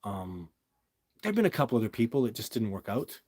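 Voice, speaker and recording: Middle-aged male live-stream host: husky, dry close sound, emphatic, rambling delivery. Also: fairly low pitch, very animated, fairly quick, darkish tone, dry recording. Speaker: Bigfoot researcher answering viewer questions. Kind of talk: live stream Q&A, casual monologue.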